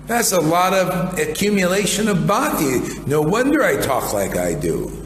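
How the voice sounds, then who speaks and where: A man's voice: sits high, sing-song, moderate pace. A man in his later years giving a rambling, blunt devotional sermon and saying "man" often. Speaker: spiritual teacher. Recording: echoey hall with faint noise.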